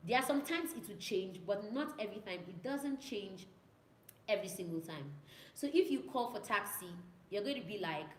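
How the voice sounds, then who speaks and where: At normal speed, a young woman with a mid-range voice and lively intonation casually answers viewer questions. She's a student pilot who repeats herself and mimics radio calls. Slight background noise accompanies the echoey room's faint ambience.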